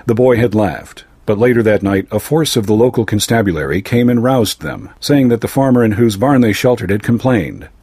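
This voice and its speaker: A man reading a fantasy story aloud in a measured, even way. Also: on the low side, slightly rough, dry recording. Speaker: narrator. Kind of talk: scripted story narration.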